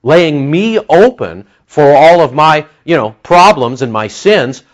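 A man preaching a sermon in an animated, conversational way, acting out the lines he quotes. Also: fairly high pitch, slow pace. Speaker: pastor. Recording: dull lo-fi sound.

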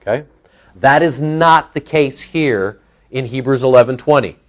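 A pastor preaches an expository sermon, teaching verse by verse and acting out the characters' voices as he tells the story. His voice is medium-pitched and unhurried, and the audio sounds dull.

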